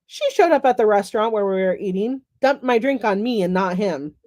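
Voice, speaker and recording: A woman's voice: mid-range voice, lively intonation, fairly quick, dark tone, natural voice. A woman reading the lines of a wry, self-conscious young woman who is wary of dating.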